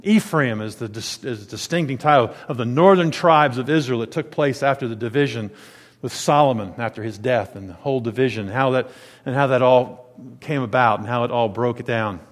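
A male pastor preaches a conversational sermon, swinging from high, loud emphasis to quiet asides. His voice sits mid-range and carries a long reverb, as in a large sanctuary. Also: brisk. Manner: animated, conversational, with dramatic pitch swings.

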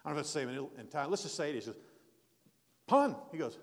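A man's voice: fairly high pitch, rapid-fire, gravelly, big-room sound. An older man preaching a sermon in a folksy, rambling storytelling way, with restarts and asides. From United States.

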